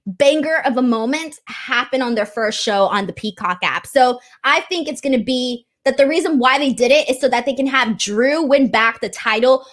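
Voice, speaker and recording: Chatty high-voiced woman streamer. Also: normal speed. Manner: chatty, lots of fillers, earnest and grateful. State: voice cracking with emotion. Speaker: wrestling show host. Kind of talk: casual live-stream commentary.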